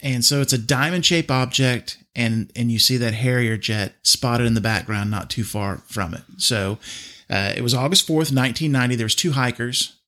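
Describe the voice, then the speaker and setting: A man co-hosting a podcast tells a story at an easy, unhurried pace, filling his sentences with ums and uhs. His voice sits in a middle pitch. He talks casually, as if to a friend across the table. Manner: relaxed storytelling with filler words. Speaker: podcast co-host. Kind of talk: casual chat.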